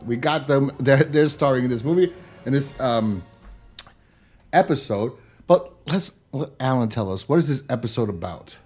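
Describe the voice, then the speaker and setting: A man's voice: mid-range voice, moderate pace, husky. Male co-host, chatty storyteller, does voices, laughs a lot, faint music under. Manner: animated storyteller, acts out characters, laughs often, swears. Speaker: podcast co-host. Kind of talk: casual chat retelling a TV episode.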